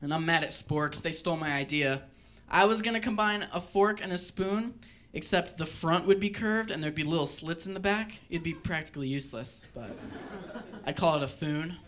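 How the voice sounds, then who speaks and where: A man doing a stand-up routine on a club stage, wry and deadpan with rambling asides. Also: on the high side, moderate pace, a little hiss or hum. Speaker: stand-up comedian.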